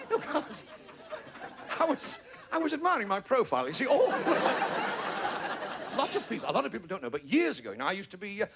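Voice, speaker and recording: A man's voice: high voice, vocal fry. A man with a Northern English accent performing a stand-up comedy routine as a guest, firing off gags with exaggerated comic asides. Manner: rapid-fire gag telling, exaggerated comic asides. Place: TV studio with live audience. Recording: noisy studio with roaring audience.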